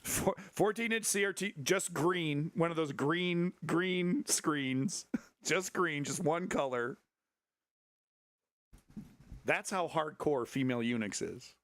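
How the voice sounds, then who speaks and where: A man hosting a live stream, reacting to clips with sarcastic, profane commentary and now and then breaking into shrill mocking voices. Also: takes it slowly, fairly bright tone, no echo. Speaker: livestream host.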